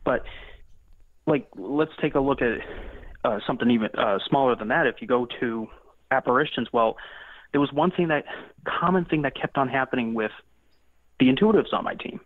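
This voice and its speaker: A man's voice: medium pitch, moderate pace, no echo. A man explaining his ghost-hunting experiments in loose, rambling talk full of restarts. His voice comes through a tinny, phone-like line with no room sound at all. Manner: rambling, many restarts and fillers. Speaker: paranormal investigator guest. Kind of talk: casual interview talk.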